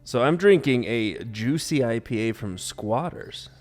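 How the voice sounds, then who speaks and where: A man's voice: mid-range voice, animated, measured pace, big-room sound, faint music behind. A man co-hosting a podcast, joking and bantering casually with his co-host. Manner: joking, playful, laughs easily.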